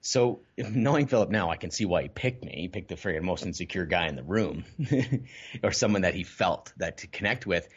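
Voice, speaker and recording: Animated male storyteller, low husky voice. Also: brisk, lo-fi sound. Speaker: podcast guest. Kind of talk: candid storytelling interview.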